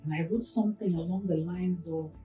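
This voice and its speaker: An earnest woman in her forties tells a painful story from her past, often sinking to a hushed near-whisper. Her voice sits a little low. She sounds set back from the mic in a roomy space, with faint music underneath. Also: fairly even intonation, a little fast, distant mic. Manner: earnest, reflective, with hushed moments. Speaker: interview guest, counsellor. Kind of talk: emotional personal storytelling.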